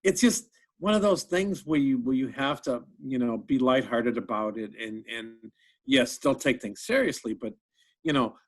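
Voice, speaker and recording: A middle-aged comedian, appearing as a guest, chats casually in an interview in a mid-range voice at a moderate pace. He tells funny stories, laughs often, and repeats words as he goes.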